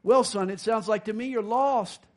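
A man voicing an old grandfather who gently questions his grandson in a told story. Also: sits high, moderate pace, pitched above the performer's own voice, lightly acted. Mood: questioning.

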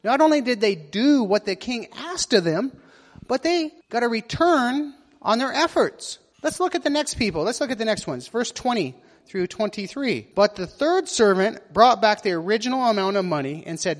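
In a large hall, a man with a high-sitting, animated voice preaches a sermon at normal speed. He reads scripture aloud, voicing the quotes, and puts questions to his listeners as he explains it.

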